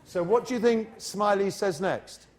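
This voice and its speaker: A man's voice: sits high, normal speed, noisy background. A man from the United Kingdom with a British English accent, giving a live teacher-training talk in a university hall and energetically coaxing the audience to repeat after him. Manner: energetic, coaxes the audience into choral repetition.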